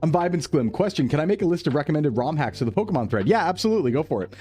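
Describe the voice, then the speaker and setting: Chatty guy streamer, kinda high voice, bouncy pitch, quiet music behind. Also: very animated, very fast, husky. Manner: upbeat, chatty, greets chat by name. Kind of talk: casual live-stream chat.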